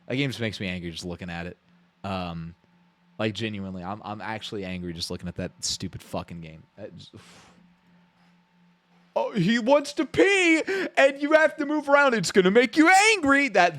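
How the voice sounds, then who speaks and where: A man's voice: on the low side, a bit bright. A man live-streaming his reactions to a game showcase, ranting bluntly and profanely with frequent restarts.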